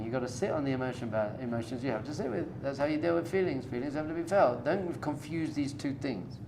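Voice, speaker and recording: A man's voice: mid-range voice, fast, hardly any pauses, noisy background. A man, a rabbi, giving an informal spoken lecture to a live group, coaching them directly with everyday analogies in a conversational tone. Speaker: rabbi teaching a class.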